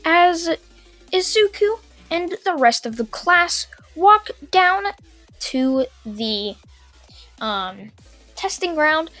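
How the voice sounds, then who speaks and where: A young woman tells a fan story in a casual, run-on style, pausing with fillers as she goes. Her voice is high and unhurried, with faint music playing underneath. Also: fairly bright tone, no room sound. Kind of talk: casual fan-fiction narration.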